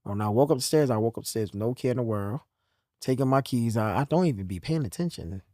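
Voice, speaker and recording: A young man telling stories in casual conversation, swinging between low, quiet stretches and loud bursts. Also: expressive, fairly quick, no room sound, clean studio sound. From New York. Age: young adult. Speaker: podcast guest telling his story.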